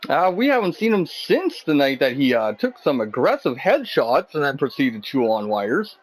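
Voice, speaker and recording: A man's voice: mid-range voice, sing-song, normal speed, low-quality recording. A man doing jokey, rambling commentary over a video game wrestling match, teasing his co-hosts. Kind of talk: jokey role-play commentary.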